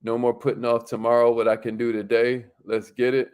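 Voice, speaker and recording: A man's voice: medium pitch, little pitch movement, fairly quick, a little mellow, smooth. Upbeat slangy man hosting a livestream. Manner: upbeat, slangy, laughs often. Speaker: livestream host. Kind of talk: casual livestream chat reading viewer comments.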